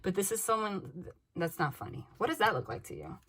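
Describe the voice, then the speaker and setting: A woman doing a casual tarot reading, blunt and animated, swearing freely and laughing between cards. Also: mid-range voice, brisk, slightly rough. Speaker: tarot reader.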